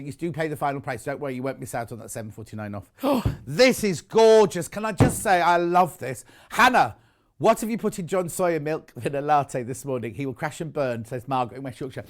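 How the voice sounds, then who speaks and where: A man's voice: fairly high pitch, animated, a little fast. Gushing British man presenting a sales show. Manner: gushing, chatty, exclaiming over fabrics. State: out of breath. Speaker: shopping channel presenter. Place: TV studio.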